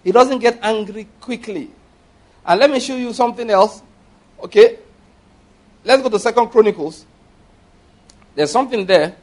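A man preaching a sermon, emphatic and questioning, reading scripture aloud slowly and forcefully. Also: high-pitched. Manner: emphatic, rising and falling with stress, asks the congregation questions.

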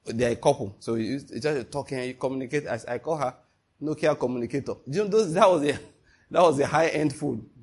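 A man preaching a sermon, animated and emphatic, asking his listeners one rhetorical question after another. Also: medium pitch, fairly quick, slightly rough.

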